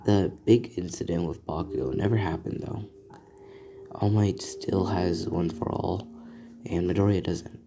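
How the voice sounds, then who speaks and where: A young man improvising a fan-fiction story in a rambling, halting way, with asides to his listeners. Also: low voice, steady tone, gravelly, noisy background. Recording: beat music playing behind. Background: music beats.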